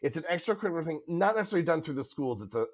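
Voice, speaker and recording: A man's voice: on the high side, expressive, rapid-fire. A man co-hosting a podcast in casual chat, rambling and laughing often as he restarts his sentences. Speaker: podcast co-host. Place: home in Spain.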